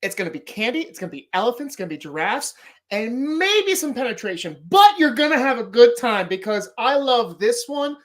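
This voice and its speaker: A man hosting a podcast who rants about movies in an excitable, profanity-heavy way. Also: extremely high pitch, fairly quick. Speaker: podcast host. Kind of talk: casual movie-ranking rant.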